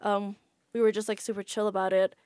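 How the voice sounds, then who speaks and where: A woman talks casually on a podcast and packs her story with "like" fillers. Her voice sits in a middle pitch. The sound is close and dry. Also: flat delivery, brisk, darkish tone, clear, resonant tone, no echo. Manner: chatty, frequent "like" fillers. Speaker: podcast guest.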